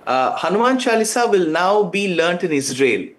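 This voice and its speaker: A man's voice: high-pitched, big pitch swings, moderate pace. A man, a guest giving fervent, emphatic commentary on a talk show.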